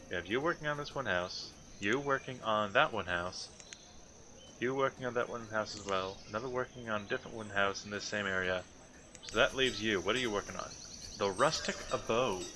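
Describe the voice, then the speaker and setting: With a lowish voice over some background noise, a man keeps up casual, thinking-aloud commentary as he plays a city-building game, mostly muttering to himself.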